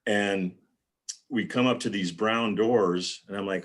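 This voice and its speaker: A man's voice: fairly low pitch, takes it slowly. A man on a live video panel telling a rambling, casual anecdote and acting out what people said. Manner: rambling storyteller, acts out quotes. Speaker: panel guest. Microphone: video call.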